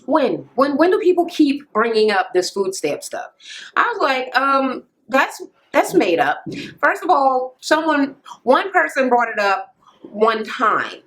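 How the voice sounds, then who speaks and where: Her voice sits high, very animated and fairly bright, though a little slow, as she recaps a reality TV episode at home with blunt profanity and acted-out quotes. A helicopter can be heard because she lives near a police station, and the camera mic's audio is poor.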